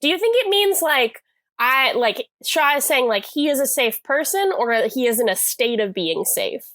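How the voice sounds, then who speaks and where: A woman co-hosts a podcast and recaps a TV episode in a loose, rambling chat, with frequent fillers and restarts. Her voice sits fairly high. The recording is dry and close, with little room sound. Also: lively intonation, moderate pace, a bit bright, no room sound. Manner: chatty, rambling, lots of fillers and self-corrections. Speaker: podcast co-host.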